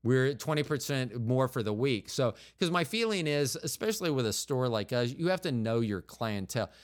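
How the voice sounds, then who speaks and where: A man's voice: mid-range voice, lively intonation, normal speed. A man hosting a podcast, telling stories in a casual, blunt way and swearing freely. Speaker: podcast host. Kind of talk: casual interview chat.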